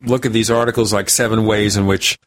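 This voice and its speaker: A man's voice: lowish voice, fairly even intonation, brisk. A man hosting a tech radio talk show, chatty and joking with his guest. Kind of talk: casual radio chat.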